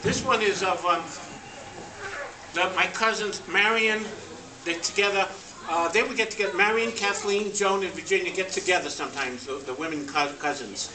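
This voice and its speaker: A man's voice: sits high, normal speed, a crowd in the background. Man telling jokes at a family party. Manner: deadpan joke-telling with laughter. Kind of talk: joking slideshow storytelling. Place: party room with guests at tables. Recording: echoey room, voice from far off, noisy.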